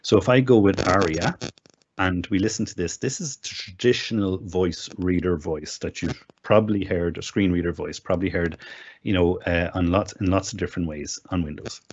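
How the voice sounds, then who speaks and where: A middle-aged man, chatting casually and self-deprecatingly as he walks listeners through a software demo step by step. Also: deep voice, moderate pace, a little hiss or hum. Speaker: guest demonstrating software. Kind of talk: casual spoken tech demo. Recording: dull lo-fi remote recording.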